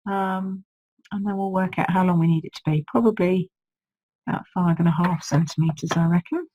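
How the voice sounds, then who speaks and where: A woman's voice: lowish voice, fairly quick, highs cut off. A woman with a sore throat, chatting through a live card-making demonstration and thinking aloud as she works. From United Kingdom. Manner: chatty, thinks aloud, reads viewer comments. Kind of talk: live-streamed craft demonstration.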